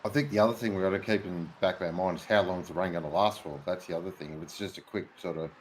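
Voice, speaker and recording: Low-voiced man analysing a sim race. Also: fairly even intonation, rapid-fire, slight background noise, poor audio. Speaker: sim racing commentator. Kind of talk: live race commentary.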